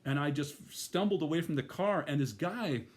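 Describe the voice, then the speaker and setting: A man's voice: fairly high pitch, animated, moderate pace. Middle-aged man, casual storytelling, rambling, fillers and restarts. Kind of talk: first-person spoken storytelling.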